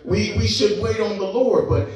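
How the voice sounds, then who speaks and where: A middle-aged man preaching a sermon as a pastor, telling a personal story in a lively, conversational way and laughing as he goes. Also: high voice, normal speed, faint music behind. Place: church sanctuary. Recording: echoey church sanctuary from a distance.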